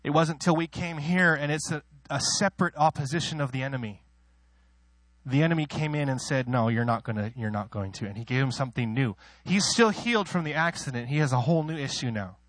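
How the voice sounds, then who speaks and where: A man preaching a sermon with a somewhat high voice, recorded close and dry with no room sound. He talks emotionally, dropping into quiet confessional asides and then rising into loud, soaring declarations. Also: dry recording. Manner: emotional, swings from soft asides to loud high-pitched exclaiming; laughs at himself between points.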